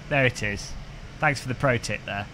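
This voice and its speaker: A man's voice: medium pitch, moderate pace, pushed and bright, a little hiss or hum. A man, chatting casually with viewers during a sim racing live stream from a basement room. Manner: rambling, chatty, answering viewers while driving.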